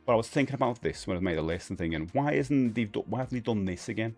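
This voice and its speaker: A man in his forties with a Cockney London accent hosts a live stream, rambling casually with plenty of fillers and restarts while reading out viewer comments. His voice is lowish, fast, and a little mellow, with faint music in the background.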